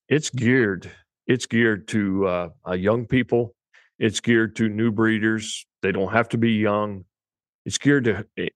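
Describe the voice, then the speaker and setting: A man's voice: fairly low pitch, gravelly, no echo. A man co-hosting a cattle-breeding podcast, telling a rambling story in casual chat and chuckling often.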